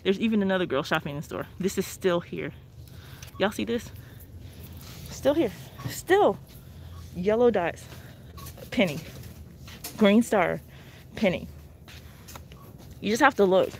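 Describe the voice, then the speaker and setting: This couponing vlogger speaks at a moderate pace in a medium-pitched voice, leaving long pauses. She hosts a chatty live shopping vlog inside a discount store, addressing viewers as "y'all" from a phone held while walking, with faint store noise behind her.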